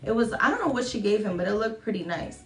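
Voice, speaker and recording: A young woman vlogger talks fast with lively intonation and a bit of brightness, telling a story to camera in a casual, chatty style. She swears a lot, is self-mocking, and acts out quotes in high voices. The room sounds echoey.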